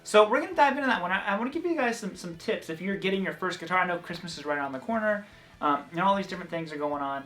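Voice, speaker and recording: A man's voice: sits high, expressive, racing, pushed and bright. Southern man, guitar teacher, casual rambling delivery with fillers. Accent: Southern American. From American South. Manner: chatty, loose, full of fillers and restarts. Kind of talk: casual guitar lesson vlog.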